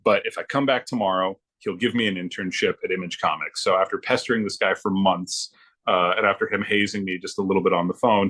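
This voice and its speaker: A man as a podcast guest, telling a long casual story with many fillers and pauses. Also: low voice, fairly bright tone.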